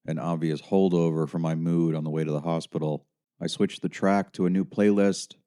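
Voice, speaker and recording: A man's voice: low voice, mellow, clean tone. A young man narrating his own story in the first person as an audiobook, wry, weary and sardonic. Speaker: author and narrator.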